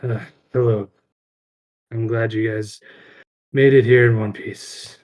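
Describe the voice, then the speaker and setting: A man's voice: lowish voice, fairly even intonation, takes it slowly, a little mellow. A man doing a weary, exasperated cleric. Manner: exasperated and impatient. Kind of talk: tabletop role-play voice.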